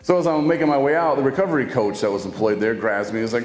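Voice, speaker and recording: A man's voice: medium pitch, steady tone, rapid-fire. A man casually telling his own recovery story, speaking conversationally and acting out what other people said to him. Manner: casual, conversational, acts out quoted dialogue. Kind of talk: personal storytelling to camera. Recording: echoey room with long reverb and faint music.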